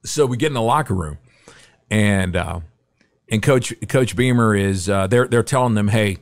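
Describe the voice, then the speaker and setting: A middle-aged man, a podcast guest, telling a story in casual, animated chat and acting out the quotes. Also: on the low side, normal speed.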